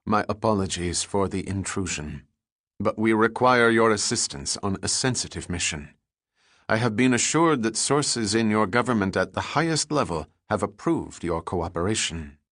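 Man voicing a commando, male, Hebrew accent, crisp, clipped, commanding, low voice, dry audiobook. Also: expressive, moderate pace, fairly bright tone, dry recording. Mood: stern. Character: stern male Israeli commando officer.

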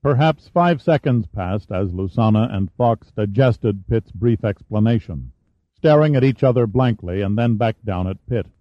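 A man narrates a thriller in a steady, measured storytelling voice. The recording is dry and close, with a slightly dull, muffled top end. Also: no room sound. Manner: even storytelling, shifts pitch for dialogue. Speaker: audiobook narrator. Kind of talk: scripted narration with character voices.

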